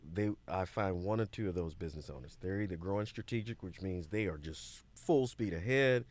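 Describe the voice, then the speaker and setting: Lively male guest storyteller with a somewhat low voice, casual podcast register. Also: brisk. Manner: animated storytelling, acts out quoted voices. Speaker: guest, business owner and mentor.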